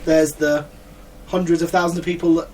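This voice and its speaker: Co-host, male, dry teasing banter, slightly high voice, far from a noisy mic. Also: level tone, fairly quick, darkish tone. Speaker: podcast co-host. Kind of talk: casual banter. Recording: distant mic with audible background noise.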